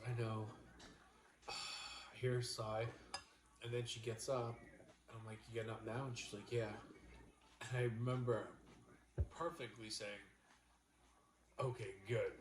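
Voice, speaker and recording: Young man, mid-pitched, easygoing, echoey room, audible noise. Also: a little mellow. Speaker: vlogger. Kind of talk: casual chat.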